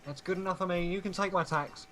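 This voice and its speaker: A man's voice: high voice, steady tone, fast, pushed and bright, a little hiss or hum. A man casually chatting with friends while livestreaming a game, swearing freely and laughing at his own jokes. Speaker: streamer host. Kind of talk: casual gaming chat.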